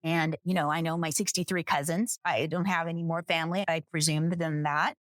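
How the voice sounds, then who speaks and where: A woman of about sixty, a podcast guest and author, telling a personal story and acting out quoted lines with lively jumps in pitch. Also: a little fast, no room sound, clean studio sound. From United States.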